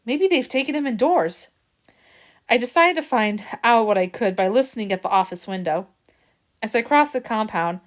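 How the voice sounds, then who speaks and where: Woman reading a storybook aloud. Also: mid-range voice. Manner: quiet, earnest storytelling with small stumbles. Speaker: reader. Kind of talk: reading a children's novel aloud.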